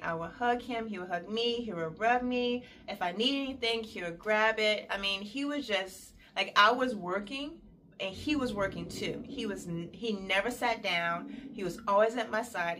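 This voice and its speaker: A young woman casually telling a personal story, chatty and detailed, switching into animated quoted voices with big jumps in pitch. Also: a little hiss or hum.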